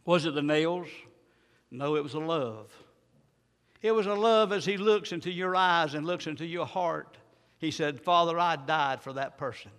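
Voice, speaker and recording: A male preacher, delivering a sermon with repeated rhetorical questions and dramatic swings from loud to soft. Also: fairly high pitch, a little slow, long pauses. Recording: long hall reverb.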